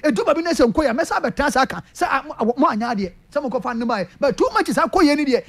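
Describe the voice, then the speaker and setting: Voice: high voice, expressive, racing, hardly any pauses. A football pundit with a Ghanaian accent argues passionately in a sports talk discussion, repeating points and addressing the host by name.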